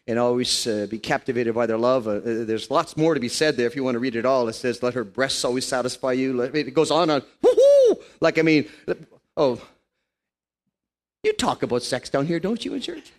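A man in his fifties preaching a lively, joking sermon to a congregation in a church. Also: mid-range voice, fast, few pauses. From Canada. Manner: animated, joking, playful put-on voices.

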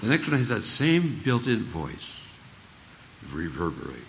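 A man's voice: fairly low pitch, wildly swooping pitch, measured pace, vocal fry, a bit bright, slight background noise. An older man preaching a sermon in a folksy, humorous storytelling manner.

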